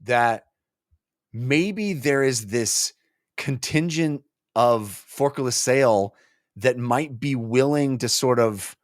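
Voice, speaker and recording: A man co-hosting a casual book-club podcast, talking eagerly and halting often with fillers. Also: medium pitch, dry recording, studio quality. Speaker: podcast co-host.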